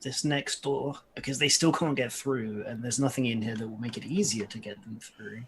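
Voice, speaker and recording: Gravelly, husky man at the game table. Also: mid-range voice, steady tone, moderate pace. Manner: hesitant, thinking out loud. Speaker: player. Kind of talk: casual in-character game talk.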